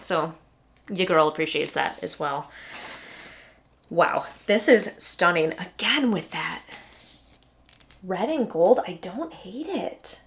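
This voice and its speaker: A woman's voice: on the low side, animated, takes it slowly, creaky, long pauses. A young adult woman booktuber in casual unboxing chat, gushing and chatty with lots of "like"s.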